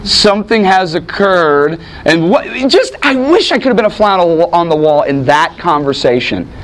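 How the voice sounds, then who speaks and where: Male pastor, sermon, high voice, very lively pitch, loud-to-hushed swings, acts out quotes. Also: normal speed, a little hiss or hum.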